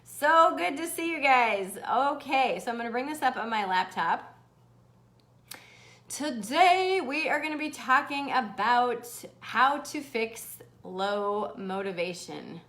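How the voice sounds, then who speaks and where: High voiced woman doing a live motivation stream, bubbly, laughs a lot, swears here and there. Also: slow pace. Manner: bubbly, animated, laughs often, swears casually. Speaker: host. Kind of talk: livestream motivational talk.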